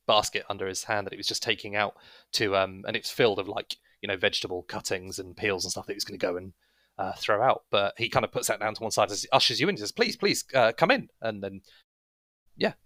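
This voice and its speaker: A man's voice: on the low side, bright, forceful tone, no room sound. A man narrating as game master, describing scenes in a loose, rambling way with many fillers.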